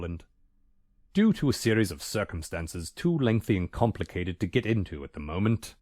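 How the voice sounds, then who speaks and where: A prim, formal butler. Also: male voice, on the low side, a little mellow, dry recording. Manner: dry, formal, polite. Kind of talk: video game voice acting.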